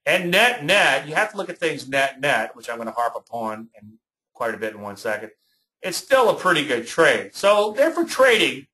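A man's voice: medium pitch, animated, normal speed, bright, forceful tone. A man with a Cajun accent teaching trading over charts, folksy and chatty, telling stories with plenty of fillers. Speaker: trading educator. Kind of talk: webinar lecture on stock charts. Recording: echoey room.

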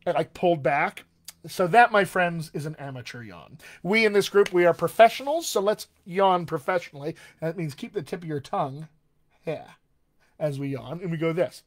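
A man, a dialect coach, teaching a live-streamed voice lesson, chatty and encouraging, slowing right down to lead repeat-after-me drills. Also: a little high.

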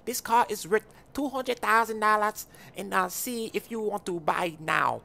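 Loud gravelly man roleplaying a car seller. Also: sits high, a little slow. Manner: loud, argumentative street slang. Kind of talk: comedic game roleplay.

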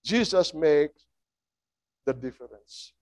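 A man preaching a sermon in a slow, emphatic way, asking his listeners rhetorical questions. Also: on the high side, animated, no room sound.

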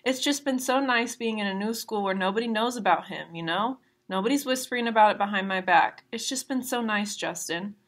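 A woman's voice: medium pitch, a little fast, hardly any pauses, fairly bright tone, lightly acted. Woman reading as a teenage girl, tearful. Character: teenage girl, upset, defensive then tearful.

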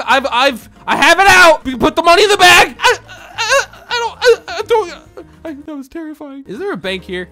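Excitable, shouting gameplay commentator. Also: mid-range voice. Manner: excitable, jokey, often shouting and laughing. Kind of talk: let's-play commentary.

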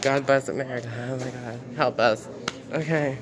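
A man's voice: mid-range voice, fairly even intonation, normal speed, crowd noise. A man giving casual commentary while reading news headlines aloud, exclaiming often and repeating himself in outrage. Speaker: commentary vlogger.

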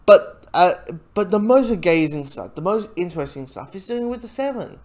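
Casual TV reviewer, mid-pitched, rambling and laughing through stop-start sentences. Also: animated, moderate pace, darkish tone. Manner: rambling, many restarts, frequent laughs, swears. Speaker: TV episode reviewer.

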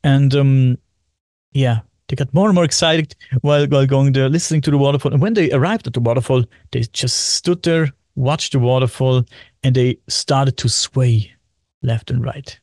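A man, a podcast guest in casual chat, talking excitedly, repeating himself and swearing often. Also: medium pitch, moderate pace, dry recording, studio quality. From Germany.

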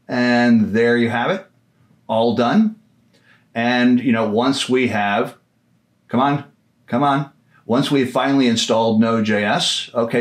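A man giving a casual screen-recorded tutorial, chatty and informal, with filler words and the odd joke. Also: lowish voice. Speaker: software trainer.

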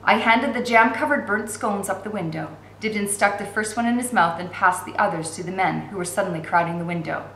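A woman teacher reading a novel aloud in a steady, expressive way. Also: medium pitch, a little fast, hardly any pauses, reverberant, a little hiss or hum, poor audio. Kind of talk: read-aloud narration.

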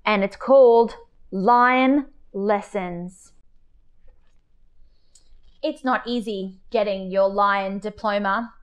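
A woman leading an online children's story time, reading aloud in a playful, animated way. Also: mid-range voice, extremely slow, long pauses.

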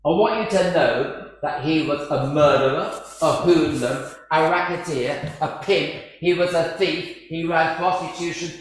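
A man telling a joke plays a nervous priest giving a blunt eulogy, listing slowly and with emphasis. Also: on the high side, lightly acted. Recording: very echoey church.

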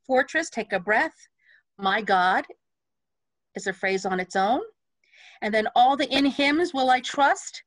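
A woman vocal coach patiently explaining song phrasing over a video call, speaking lyrics in a measured, instructive way. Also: fairly high pitch, fairly bright tone, dry recording, rough recording. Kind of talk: music lesson, talking through song phrasing. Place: home setup on a video call.

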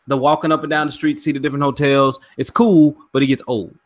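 A man's voice: mid-range voice, flat delivery, fast. A middle-aged man hosting a podcast in casual chat, playful, steering the talk and reading out listener comments. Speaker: podcast host.

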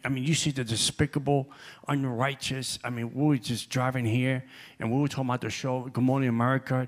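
Animated male preacher, many restarts. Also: mid-range voice. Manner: animated, voice rising when telling stories; repeats words and restarts often. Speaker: guest preacher. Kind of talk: sermon. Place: church hall.

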